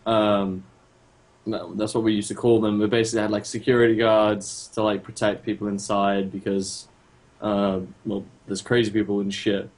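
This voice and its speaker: A man with a fairly low voice tells a story in relaxed podcast chat. He swears freely and his sentences are full of ums and restarts. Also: moderate pace. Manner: casual, swears often, many fillers. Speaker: podcast co-host.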